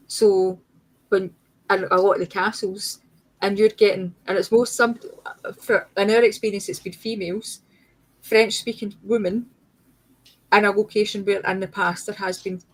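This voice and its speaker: A woman's voice: medium pitch, fairly even intonation, moderate pace, rough recording. Emphatic woman guest. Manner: emphatic, insistent, restarts often. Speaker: guest paranormal investigator. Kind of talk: casual chat.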